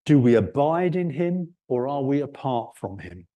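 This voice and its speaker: A man preaching a sermon, explaining scripture in an unhurried way and lifting his voice on key words. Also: medium pitch, animated, mellow. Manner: unhurried expository preaching, rising for emphasis.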